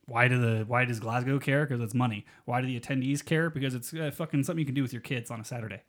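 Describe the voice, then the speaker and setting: A man co-hosting a podcast in casual chat, swearing freely, animated and quick to laugh. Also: mid-range voice. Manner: profane, animated, laughs often. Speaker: podcast co-host.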